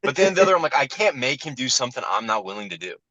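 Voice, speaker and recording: A man telling profane, animated stories in casual chat as a comedian guest on a podcast, acting out the people he quotes. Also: medium pitch, very fast, dry recording, muffled recording.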